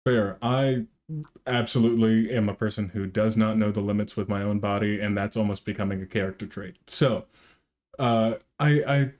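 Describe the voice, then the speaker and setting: A show host with a mellow, mid-pitched voice chats casually with a guest. The tone is playful and teasing, light conversational banter. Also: steady tone, normal speed. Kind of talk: casual interview chat.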